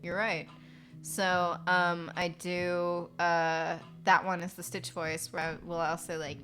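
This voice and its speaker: A woman's voice: on the low side, flat delivery, takes it slowly, fairly bright tone, soft background music. A woman streamer and voice actor chatting casually on a live stream from her apartment, rambling with fillers and swearing, her nose congested. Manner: rambling, frequent fillers and profanity.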